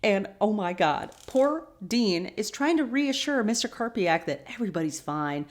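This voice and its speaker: Chatty female podcast host, mid-pitched, casual and opinionated while recapping an episode. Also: expressive, normal speed. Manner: chatty and opinionated, retelling scenes.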